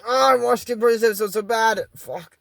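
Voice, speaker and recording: A man's voice: extremely high pitch, fast talker, vocal fry, no room sound. Rambling man recapping a cartoon, dry sound. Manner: rambling, with many fillers and asides; reads character lines aloud in a flat way. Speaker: cartoon episode reviewer. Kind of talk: casual episode recap commentary.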